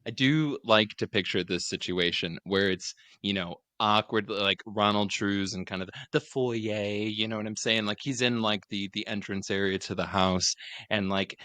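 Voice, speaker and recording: A man co-hosting a casual true-crime podcast, an animated, profane storyteller. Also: lowish voice, moderate pace, dry recording. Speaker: podcast co-host.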